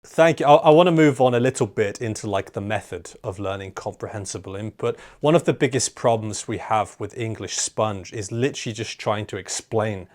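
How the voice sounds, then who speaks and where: Male host, lowish voice, chatty casual interviewer. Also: a little fast, hardly any pauses, darkish tone. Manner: chatty, lots of "like" and "you know" fillers. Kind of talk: conversational interview.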